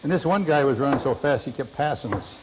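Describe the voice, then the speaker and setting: An older man co-hosting a comedy cooking show, trading dry, deadpan jabs with his partner. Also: medium pitch, fast, noisy background. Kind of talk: comic banter while cooking. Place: TV studio kitchen with live audience.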